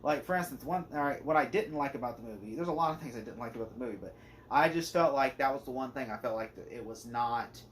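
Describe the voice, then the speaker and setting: A man's voice: medium pitch, fast talker, slight background noise. Rambling, opinionated man reviewing a movie. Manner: rambling and opinionated, heavy use of "like". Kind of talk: casual spoken movie review rant.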